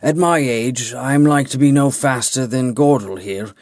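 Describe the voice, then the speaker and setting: A man's voice: mid-range voice, unhurried, darkish tone, dry recording, studio quality, close to an everyday voice. A man voicing a boastful aging swordsman guard with a sour, swaggering manner.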